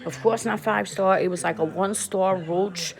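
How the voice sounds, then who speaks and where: With a gravelly, mid-range voice at normal speed, a vlogger from the Bronx, New York, addresses her viewers directly. The storytelling is casual and confessional, and she leans on emphatic repetition to drive things home.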